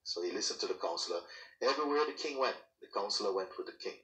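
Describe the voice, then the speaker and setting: A man telling a spoken parable as a teacher, in a lively way that acts out the people in his story and adds sound effects. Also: on the low side, fast, far from the mic. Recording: echoey room, speaker off-mic.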